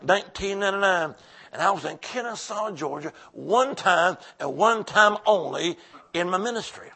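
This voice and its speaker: A male preacher with a high, bright, ringing voice delivers a sermon. He tells stories with lively energy and breaks into shouted praise for the congregation.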